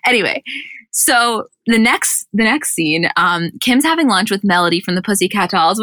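A woman's voice: medium pitch, expressive, fairly quick, bright, forceful tone, dry recording. A young woman co-hosting a podcast, chatting casually and rambling with lots of filler words. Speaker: podcast co-host. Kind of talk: casual chat recapping a reality show.

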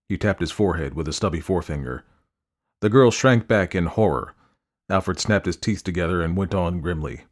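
Very deep-voiced male audiobook narrator. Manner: measured, descriptive reading. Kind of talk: scripted storybook narration.

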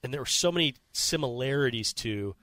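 A man's voice: mid-range voice, animated, brisk, sharp tone, no room sound. A man co-hosting a casual sports chat, reflective and adding context. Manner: reflective, adds context and history.

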